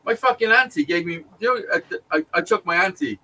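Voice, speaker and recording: A man's voice: high-pitched, expressive, fairly quick, bright, forceful tone, recorded from a distance, low-quality recording. A man telling a long personal story in casual chat, sweary and rambling, with frequent restarts and laughs.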